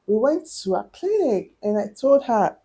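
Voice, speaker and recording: A woman telling a personal story to her camera in a casual, animated way, acting out what people said and sounding a little out of breath. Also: fairly high pitch, measured pace, slightly rough. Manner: animated, acts out quoted dialogue. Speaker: vlogger.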